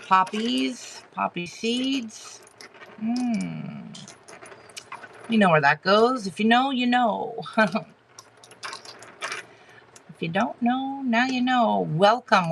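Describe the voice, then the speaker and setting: A woman giving a live tarot reading to her chat, talking haltingly with many fillers and restarts and greeting viewers by name. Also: mid-range voice, expressive, creaky, a bit bright, slight background noise. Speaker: tarot reader hosting a live stream.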